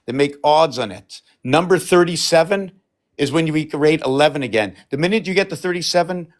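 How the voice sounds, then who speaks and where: A man hosting a live stream alone, talking in a meandering, excitable way and often losing his own thread. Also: on the high side. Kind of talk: rambling solo livestream talk.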